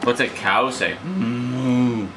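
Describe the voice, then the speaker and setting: A man's voice: medium pitch, huge pitch swings, unhurried, echoey room. A man quizzing a toddler on animal sounds in a home video, making the sounds himself. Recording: very noisy home video recording.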